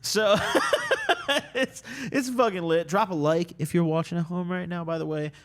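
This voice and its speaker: A young man hosts a podcast interview from a small, cluttered studio corner, his voice high-pitched and his pace moderate. Tipsy, loose, and rambling, he swears and laughs often in this casual drunk chat.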